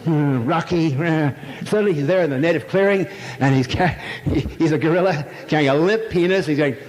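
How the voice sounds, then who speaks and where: A fairly quick, slightly high and somewhat mellow voice belongs to an older man lecturing a live crowd. His talk is irreverent and rambling, stuffed with jokes and verbal fillers. The setting is a large lecture hall whose echo comes through alongside faint noise.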